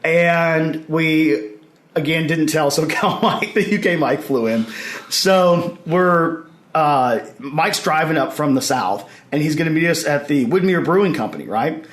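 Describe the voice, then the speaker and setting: This is a man with a slightly high voice, telling a long story in an animated way and slipping into the voices of the people he quotes. The sound is echoey, as if recorded in a big convention hall. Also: a little slow. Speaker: podcast guest. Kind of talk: casual storytelling.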